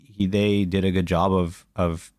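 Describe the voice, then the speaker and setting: Deep-voiced man in hesitant casual chat. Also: level tone, unhurried, a little mellow, dry recording, studio quality. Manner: hesitant, many fillers and restarts. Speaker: podcast co-host. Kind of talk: casual chat about video games.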